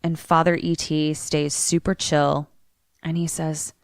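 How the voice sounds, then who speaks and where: A chatty woman recaps a film plot for her podcast co-host, her voice sitting fairly low. The sound is dry and close, with no room behind it. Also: level tone, measured pace, no echo. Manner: chatty retelling with frequent "like". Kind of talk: casual movie recap.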